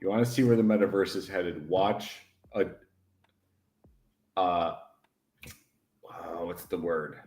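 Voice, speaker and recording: Man, casual livestream chat, slow drawl, lowish voice, echoey room, rambling and emphatic. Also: a little mellow. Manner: rambling, emphatic, laughs often. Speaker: podcast co-host.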